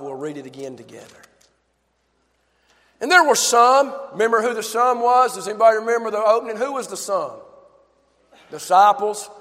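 High-voiced preacher in an echoing church. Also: male voice. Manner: emphatic, asks the congregation questions. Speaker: pastor. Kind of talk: sermon.

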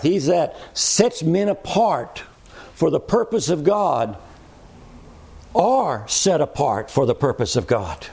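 A preacher delivers a sermon in a gravelly, slightly husky voice that sits a little high for a man. He builds his points with rising, emphatic cadences. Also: dark tone. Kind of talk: expository sermon.

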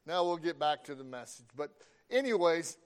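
A man's voice: fairly high pitch, lively intonation, moderate pace, clean tone. A middle-aged man preaching a sermon, telling folksy stories and calling out for amens.

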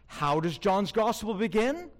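A man preaching a sermon in a fairly high voice that swings widely up and down. He speaks slowly and with emphasis, putting questions straight to his listeners. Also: sing-song.

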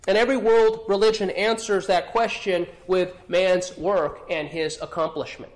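A man preaching an expository sermon, earnest, often repeating and restarting phrases and clearing his throat. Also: sits high, normal speed, few pauses. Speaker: pastor.

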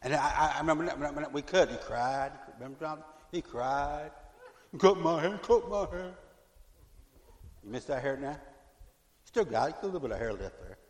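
A middle-aged man preaching a fervent sermon as pastor, repeating himself and swinging from loud to hushed. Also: medium pitch, brisk. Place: church sanctuary. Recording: echoey church hall.

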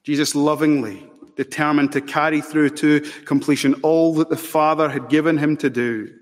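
Male preacher, sermon, fairly high voice, impassioned, emphatic, long hall reverb. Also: fairly even intonation, normal speed. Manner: impassioned, builds to loud emphatic peaks.

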